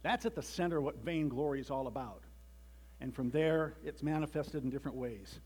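A man's voice: medium pitch, a little fast, darkish tone, slightly rough. A man giving a conversational sermon with joking asides and frequent restarts, reading a children's story aloud as part of it.

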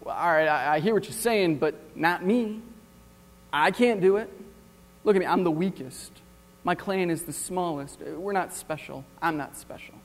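A man's voice: high voice, moderate pace, big-room sound. A preacher doing a fearful, sarcastic young man. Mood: doubtful. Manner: sarcastic, doubtful. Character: frightened, sarcastic young man hiding in a hole.

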